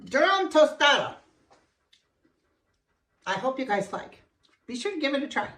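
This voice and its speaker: A woman's voice: high-pitched, lively intonation, fast talker, noisy background. A woman hosting a casual home cooking demo, chatting straight to her viewers and eating as she talks. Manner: eats and talks with mouth full. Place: home kitchen. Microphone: camera mic set far off. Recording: echoey kitchen, distant camera mic. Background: faint clatter of dishes and pans.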